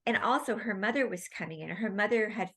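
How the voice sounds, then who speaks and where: A woman guest in an interview, telling long stories in a rambling, animated way. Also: mid-range voice, brisk, breathy edge. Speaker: guest, medical intuitive medium. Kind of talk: casual storytelling interview.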